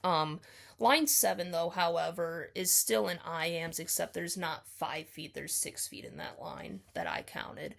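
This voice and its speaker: A woman's voice: fairly low pitch, unhurried, gravelly, fairly bright tone. A woman talking through her reading of a poem, tentative and full of ums, often hedging and correcting herself. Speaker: student explaining a poem. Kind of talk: casual spoken poetry analysis.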